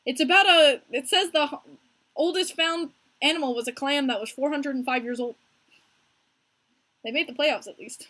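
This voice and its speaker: A young American woman hosting a casual hockey podcast stream, talking in an animated, chatty way and answering viewers by name. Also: high voice, normal speed, pauses often. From United States. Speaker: podcast host streaming live with chat.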